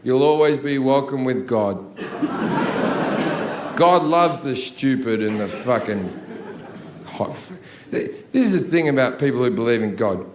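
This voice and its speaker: On a theatre stage, a man in his thirties performs a profane, ranting stand-up set into a handheld mic, building up to shouting. His medium-pitched voice is expressive, a bit slow with long pauses, and the live recording is noisy with audience laughter.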